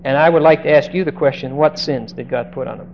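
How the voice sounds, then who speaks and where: On a dull, faintly hissing lo-fi recording, a preacher with a medium-pitched voice and vocal fry speaks fast. He expounds a Bible passage with emphasis, drawing out important words and questioning his listeners directly.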